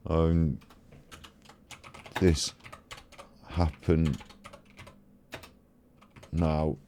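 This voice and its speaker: A man's voice: extremely low pitch, flat delivery, extremely slow, dark tone, a little hiss or hum. A man giving crude, sarcastic commentary on old TV clips and laughing often. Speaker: host.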